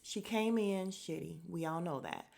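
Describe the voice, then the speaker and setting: Podcast host, woman, slightly low voice, casual and blunt, swears freely, jumps into quick impressions of the cast. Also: vocal fry, a little mellow. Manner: acts out cast members' lines in quick asides. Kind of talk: casual reality-show recap.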